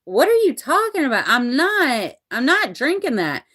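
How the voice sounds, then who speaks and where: A woman's voice: sing-song, moderate pace, a bit bright. A woman doing a protesting teenage boy. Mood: incredulous. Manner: high, protesting and incredulous. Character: incredulous teenage boy protesting his dad.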